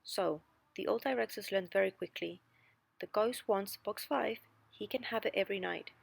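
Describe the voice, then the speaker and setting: A woman's voice: medium pitch, normal speed, gravelly, slightly rough, no room sound. A woman voicing a fearless, mocking old female doorkeeper in a storybook reading. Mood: knowing. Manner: mocking, knowing.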